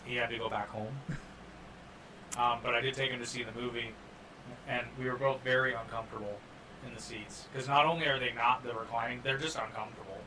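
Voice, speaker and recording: A man co-hosting a podcast, chatting and joking in an animated way about a film. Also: medium pitch, fairly quick. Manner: animated, joking, lots of restarts. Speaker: podcast co-host. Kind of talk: casual chat and film review. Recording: distant mic, faint room noise.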